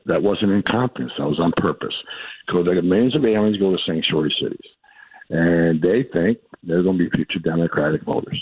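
A man's voice: sits low, husky, dry recording. A man talking bluntly and defiantly as a radio interview guest, repeating points and restarting his sentences. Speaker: radio guest, immigration official. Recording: tinny phone line.

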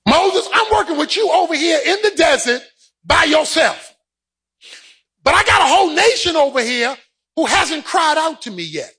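A man preaching a sermon, swinging between shouted, sing-song peaks and quieter stretches. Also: extremely high pitch, rough recording.

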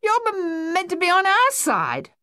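A woman's voice: extremely high pitch, a little slow, no echo, studio quality, pitched above the performer's own voice, full character voice. A woman doing a brash, stammering young soldier. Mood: indignant. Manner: stammers when excited, yells.

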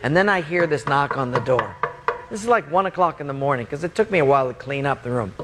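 A middle-aged man preaching a sermon as a lively story, acting out the voices and often laughing as he talks. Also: medium pitch, fast talker, noisy background.

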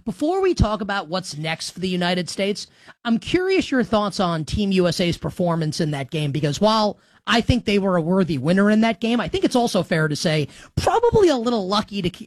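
A man hosting a sports betting talk show on the radio, energetic, joking and fast-talking. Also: high-pitched, no echo. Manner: energetic, jokey, quick-talking.

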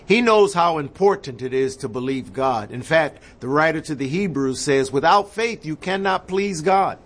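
A man's voice: on the high side, lively intonation, moderate pace. A man, a bishop, earnestly addressing listeners in a scripted book promotion.

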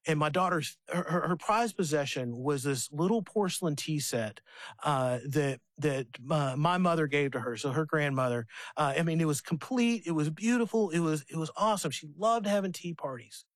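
A man's voice: fairly high pitch, moderate pace, no room sound. A man, likely in his thirties, hosting a faith radio talk show and telling family stories with many restarts. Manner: animated storyteller, many restarts.

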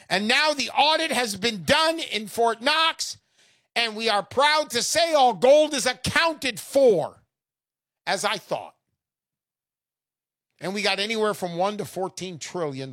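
An older man hosting a radio talk show, pitching in a brash, salesman-like way with rhyming quips. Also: pushed and bright, no echo, clean studio sound. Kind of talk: gold investment talk radio.

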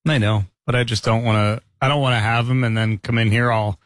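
A man's voice: medium pitch, steady tone, fairly quick, dry recording, clean studio sound. Man in his forties hosting morning radio. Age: 40s. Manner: laughs often while telling stories. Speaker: radio morning show host. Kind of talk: casual morning show banter.

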